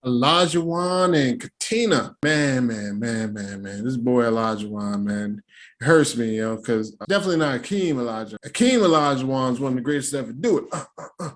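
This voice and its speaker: A man at a mid-range pitch gives a casual reaction-video recap. His delivery is loose and slangy, peppered with swearing and easy laughter. He drops into quick mocking impressions of the people he talks about. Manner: slangy and animated, with frequent laughs and playful quoted impressions. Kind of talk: casual profane recap commentary.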